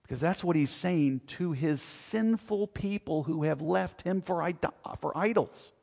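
A man's voice: on the high side, unhurried, gravelly, a little mellow. Earnest preaching man in a reverberant space. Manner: earnest, preacherly, rising emphatic questions. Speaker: pastor. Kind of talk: sermon.

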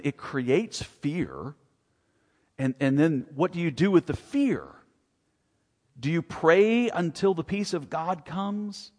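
A man's voice: on the high side, creaky, long reverb tail. A man preaching a sermon as pastor, earnest and preacherly, often rising into emphatic questions.

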